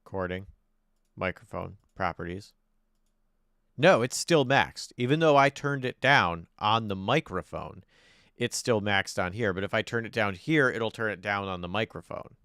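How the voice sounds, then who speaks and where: A male streamer talks casually into a desk microphone, thinking out loud and grumbling as he adjusts his settings. His voice sits a bit low and sounds smooth and clean. The sound is dry and close. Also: expressive, moderate pace, no echo. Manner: fiddling with mic settings, thinking aloud, frustrated. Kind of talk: casual live-stream chat.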